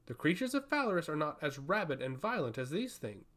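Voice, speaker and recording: A man voicing a proud high priestess who talks in a curt, indignant, sharply questioning way. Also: big pitch swings, brisk, fairly bright tone. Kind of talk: audiobook fantasy reading.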